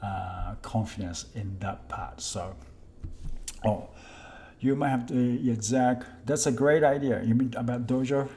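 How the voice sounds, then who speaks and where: Man, slow, mellow dark voice, casual live-stream chat, halting, polite. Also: medium pitch, slight background noise. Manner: hesitant, halting, many restarts while reading names; polite, thanks viewers often. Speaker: kendo instructor hosting a live stream.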